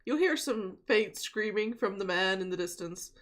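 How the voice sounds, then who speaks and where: Young woman DM, casual and giggly, lively pitch. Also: normal speed, a loud crowd. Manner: chatty and giggly, snacking while talking. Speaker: game master. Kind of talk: casual narration of a tabletop game.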